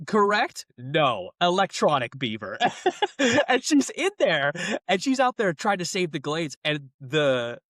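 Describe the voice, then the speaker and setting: A young podcast co-host, animated and laughing, chats casually in a voice on the high side at a slightly slow pace. The recording is clean studio sound with no room tone.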